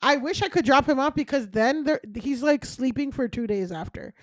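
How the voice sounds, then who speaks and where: A woman in her thirties, a guest comedian on a casual podcast, telling lively stories and acting out quotes. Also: high-pitched, normal speed, no room sound, studio quality. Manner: animated storytelling, acting out quotes.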